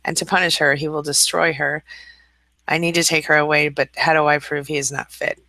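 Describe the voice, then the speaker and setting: A woman hosting a casual live stream, reading out viewer comments and answering them with a warm, chatty manner. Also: deep voice, flat delivery, a little fast, gravelly, dry recording.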